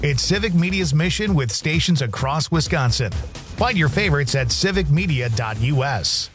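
A man's voice: fairly high pitch, animated, moderate pace, a bit bright. Male promo announcer over music. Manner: polished promotional read. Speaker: station announcer. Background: music bed.

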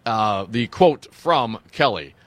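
A man co-hosting talk radio in a conversational, wry way. He reads news copy and gives his voice lively rises and falls. The sound is dry and close on a studio mic. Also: lowish voice, slow pace, dry recording.

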